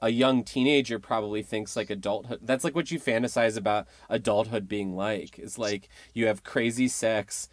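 A podcast host asking questions in a relaxed, easygoing way, often laughing. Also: medium pitch, moderate pace, hardly any pauses, no room sound. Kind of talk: podcast interview.

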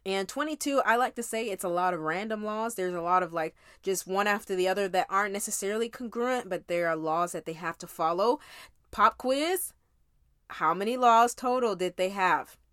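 Recapping a week of Bible reading as a teacher, a woman talks directly to her listeners, conversational and emphatic. Her medium-pitched voice is fairly bright at a normal speed, recorded in studio quality with no echo.

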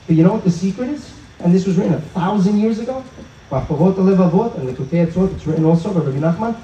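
A man giving an inspirational talk at an outdoor evening gathering, telling stories in an animated way and acting out the dialogue. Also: sits high, fairly quick, slight background noise. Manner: animated storyteller who acts out quoted dialogue. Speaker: speaker at a religious event. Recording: roomy, dull sound from a distance.

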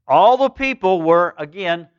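Guy pastor preaching, smooth voice bit on the higher side, slightly dull recording. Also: unhurried, no echo. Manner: animated storytelling, calls the congregation to answer back. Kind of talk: sermon.

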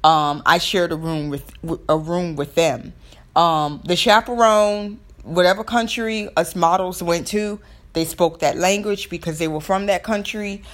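A woman's voice: fairly low pitch, fairly even intonation, unhurried. A young woman with a Southern American accent talks casually on her own podcast, rambling with lots of fillers and restarts. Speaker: podcast host. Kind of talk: casual solo podcast talk.

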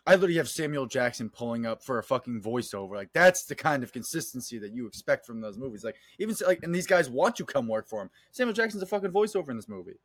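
A man co-hosting a casual film podcast, talking quickly and excitedly with plenty of swearing. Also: medium pitch, breathy edge, dry recording. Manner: rapid, profane, excitable, acts out quotes. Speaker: podcast co-host.

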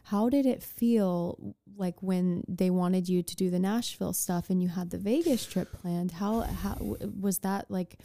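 A woman's voice: on the low side, steady tone, measured pace, hardly any pauses, warm tone, no room sound. A woman hosting a casual interview, reacting with enthusiasm and asking questions. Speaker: host.

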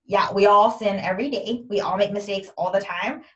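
A woman talking loudly and chattily in a casual conversation, often agreeing and encouraging. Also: mid-range voice, brisk. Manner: loud talker, affirming, chatty. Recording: dull, distant mic.

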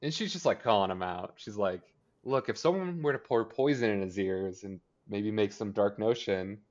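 Male podcast co-host, lowish voice, loose rambling recap full of "like", muffled lo-fi sound. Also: normal speed. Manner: rambling, filler-heavy, acts out character lines. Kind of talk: casual TV episode recap chat.

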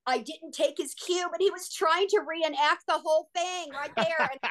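A woman, an actress and guest on an interview show, telling stories in an excitable, gushing way. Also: extremely high pitch, normal speed. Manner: excitable, gushing, frequent "like" and "oh my God". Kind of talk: casual interview storytelling.

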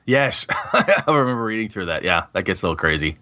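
A man's voice: on the low side, very animated, fairly quick, sharp tone. A man hosting a casual tabletop gaming podcast, rambling and correcting himself as he talks, with casual swearing. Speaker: podcast host and game master.

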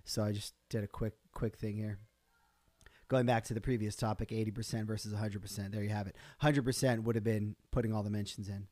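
A man's voice: on the low side, flat delivery, fairly quick, darkish tone, no room sound. Chatty man rambling on a solo stream. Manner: rambling, chatty, self-interrupting with fillers. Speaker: podcast host. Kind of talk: casual solo live stream.

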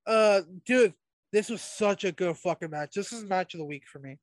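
High-voiced young man hyping wrestling, dry sound. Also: dry recording. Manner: enthusiastic, profane, quick agreement. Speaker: podcast co-host. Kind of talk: casual wrestling recap chat.

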